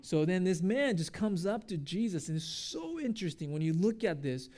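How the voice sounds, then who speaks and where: A male pastor delivers a sermon at a church service with a slightly raised pitch. His manner is casual and chatty, with fillers, and he acts out the people he quotes. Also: sing-song, normal speed, dark tone. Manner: casual, conversational preaching with fillers and acted-out quotes.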